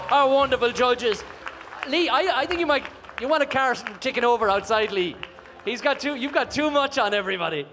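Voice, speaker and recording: A man's voice: sits high, fairly bright tone, a little hiss or hum. A man hosting a live film night, upbeat and teasing. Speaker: host.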